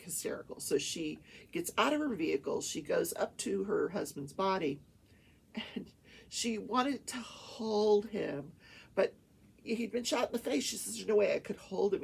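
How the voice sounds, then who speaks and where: Husky gravelly older woman retelling a trial. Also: medium pitch, lively intonation, a little slow. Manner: chatty, retells testimony in quoted voices with asides. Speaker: talk show host and retired attorney. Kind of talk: casual storytelling recap of a trial.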